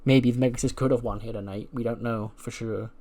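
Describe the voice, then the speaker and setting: A man's voice: mid-range voice, steady tone, brisk, mellow. A man casually narrating a wrestling management game, rambling with lots of fillers. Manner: rambling, lots of "like" and "you know". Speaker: let's play narrator.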